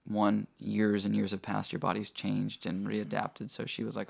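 A man as a guest telling a personal story in a casual, animated way, full of fillers and acted-out quotes. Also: fairly low pitch, normal speed, vocal fry. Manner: animated, acts out quoted voices, filler-heavy.

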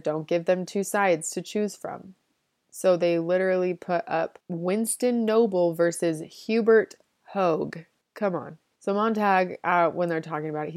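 A woman's voice: lowish voice, a little mellow, no echo, studio quality. A woman giving a casual, chatty retelling of a novel's plot, with a slangy way of talking and frequent "like". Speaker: book summary presenter. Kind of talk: casual book summary.

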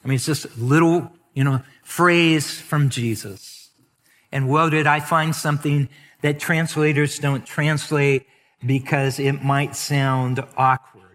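A man's voice: fairly high pitch, steady tone, a little slow, a bit bright. A man preaching a sermon as pastor, reading scripture aloud and stretching out key words for emphasis. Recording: long hall reverb.

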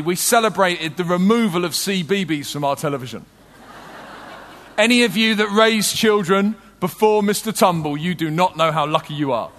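A British man in middle age preaching with a notably high voice. He tells stories with easy humour and a conversational touch. His voice rings out with a long reverb, as in a large hall. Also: fairly bright tone. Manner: humorous, conversational, storytelling. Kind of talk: sermon.

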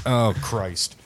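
A man's voice: medium pitch, mellow, breathy edge. A man co-hosting a casual podcast, laughing often and swearing freely in crude banter. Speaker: podcast co-host.

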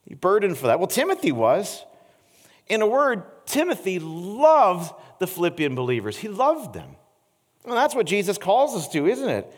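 A man preaching a sermon as pastor, animated and acting out the voices he quotes. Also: high-pitched, long reverb tail. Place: church sanctuary.

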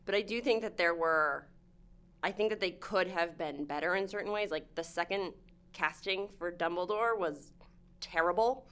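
A woman with a somewhat low voice, chatting casually in a group discussion. She rambles with many fillers and tells stories with animation. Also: moderate pace, clear, resonant tone. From lived in Turkey. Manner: chatty, lots of "like", animated storytelling. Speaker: panelist.

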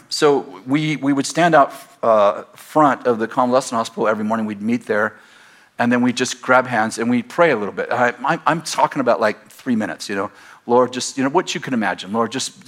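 Speaking in a mid-range male voice, a pastor shares a personal anecdote from the pulpit of a church, bringing it to life by voicing both people in the exchange.

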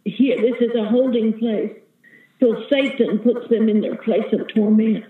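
A woman's voice: a little high, measured pace, roomy sound, narrow, tinny audio. A woman evangelist giving an earnest, vivid testimony as a guest in an interview. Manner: earnest, vivid storytelling, calls listener sister.

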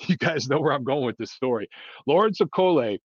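A man with a husky, mid-range voice talks boxing in a blunt, rambling monologue at a moderate pace, expressive and full of fillers and restarts. The casual opinion piece is recorded with dull lo-fi sound and no room ambience.

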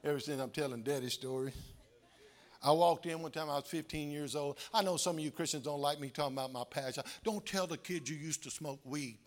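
A man preaching a sermon as pastor, telling folksy stories with laughter and rising to shouts. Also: fairly high pitch, brisk.

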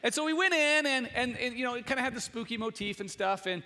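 Male pastor, thirties, light and high, ringing bright tone, casual anecdote to fervent sermon. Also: animated, quick pace, big-room sound. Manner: conversational storytelling, rising to emphatic preaching. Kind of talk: Easter sermon with personal story.

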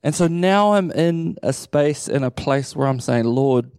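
Preacher in his thirties, warm mellow tone, humorous and lively sermon delivery. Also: a little high, a little slow, clear, resonant tone, dry recording, studio quality. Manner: animated storytelling with playful humor. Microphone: handheld or stage microphone.

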